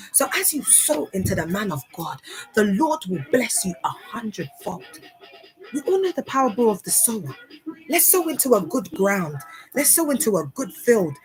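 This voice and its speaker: A smooth-talking church leader working a congregation for donations, put on by a woman. The delivery rolls in a sermon cadence and keeps sinking into a near-hush to sound sincere. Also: medium pitch, natural voice, low-quality recording.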